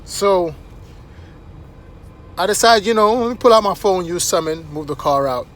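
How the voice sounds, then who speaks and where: A man vlogger telling anecdotes in an animated, chatty way, often checking in with "right?". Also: high voice, normal speed. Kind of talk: casual anecdotal storytelling.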